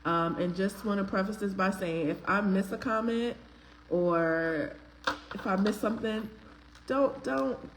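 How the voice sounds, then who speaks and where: A woman's voice: medium pitch, a little hiss or hum, low-quality recording. Chatty woman hosting a live stream. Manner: warm greetings to viewers by name, chatty, laughs often; uses casual slang, filler ums. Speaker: host of a live faith-based talk stream. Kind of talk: casual live-stream chat.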